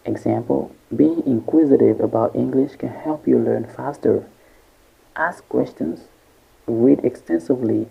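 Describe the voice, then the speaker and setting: A man teaching English vocabulary, breaking each word into syllables slowly and carefully. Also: mid-range voice, creaky, husky, dull audio. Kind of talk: vocabulary lesson narration.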